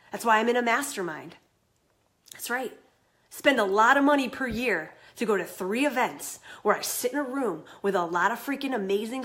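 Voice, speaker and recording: A woman coach giving an energetic, emphatic motivational talk on a livestream. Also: on the high side. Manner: energetic, emphatic, swears then apologizes. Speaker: confidence coach.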